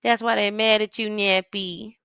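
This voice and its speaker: A woman hosting a show, talking in an animated, sassy way with plenty of slang while she reacts to a stream. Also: mid-range voice, normal speed, vocal fry, clear, resonant tone, no room sound, clean studio sound. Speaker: show host. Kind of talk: casual commentary reacting to a stream.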